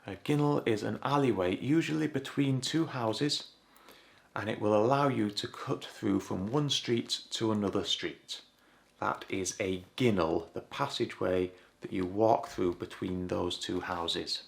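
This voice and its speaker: A man's voice: fairly low pitch, creaky. A man from Leeds with a Leeds Yorkshire accent, teaching an English lesson and acting out short local phrases as examples. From Leeds, England. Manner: explains slowly, acts out short Yorkshire phrases. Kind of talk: scripted language lesson.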